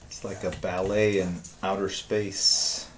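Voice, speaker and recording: A man's voice: low voice, flat delivery, takes it slowly, a little hiss or hum. A man chatting casually on a live art stream, musing aloud in short asides and answering chat as he draws. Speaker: artist streaming while drawing.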